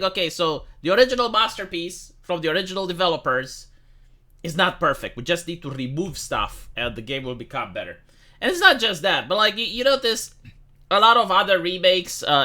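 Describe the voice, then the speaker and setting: A man's voice: high-pitched, sharp tone. A man hosting his own commentary channel, delivering a heated, emphatic rant full of swearing and repeated "right?" and "like".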